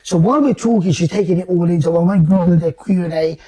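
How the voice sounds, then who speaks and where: A man telling a story in casual talk, animated and slangy, acting out the voices of the people in it. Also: high-pitched, quick pace, crowd noise. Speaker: guest storyteller.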